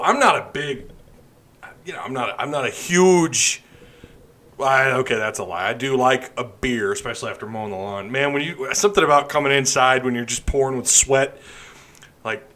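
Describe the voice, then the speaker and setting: A man's voice: mid-range voice, bright, forceful tone. A man hosting a podcast live stream, chatting loosely and joking while drinking beer. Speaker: podcast host. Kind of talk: casual live stream chat.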